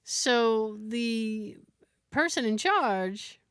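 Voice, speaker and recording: A woman co-hosting a casual podcast, telling a story and doing the voices of the people in it. Her voice sits fairly high, and the sound is dry and close with no room around it. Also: animated, extremely slow, a bit bright, clean tone, no echo. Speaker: podcast co-host.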